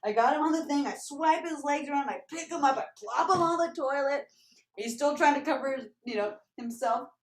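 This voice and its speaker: Lady guest telling a funny story, bit high voice, echoey room. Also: brisk. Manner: animated, laughs often, acts out quotes. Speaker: guest tap dancer. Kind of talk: casual storytelling. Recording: roomy echo.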